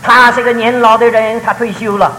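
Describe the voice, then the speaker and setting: High bright-voiced man preaching in a hall. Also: steady tone. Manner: storytelling, short phrases with pauses for the interpreter. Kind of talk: sermon with consecutive interpretation. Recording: roomy hall reverb with faint noise.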